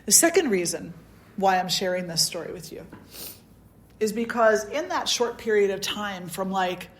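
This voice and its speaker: A woman's voice: medium pitch, animated, moderate pace. A middle-aged woman teaching at a spiritual gathering, telling a personal story and acting out the dialogue. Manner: storytelling, acts out quoted dialogue. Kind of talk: satsang talk, personal story.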